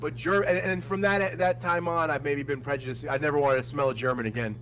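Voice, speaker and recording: A man telling crude, animated stories full of cursing in a casual podcast chat. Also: on the high side, brisk, a little hiss or hum, poor audio. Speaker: podcast co-host.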